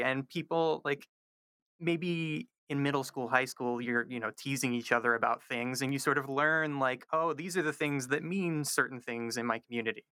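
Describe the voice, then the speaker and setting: A man's voice: a little high, pushed and bright, clear, resonant tone, no room sound. A man from the American South, a linguistics professor, answering radio interview questions thoughtfully with many fillers and restarts. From American South, North Carolina.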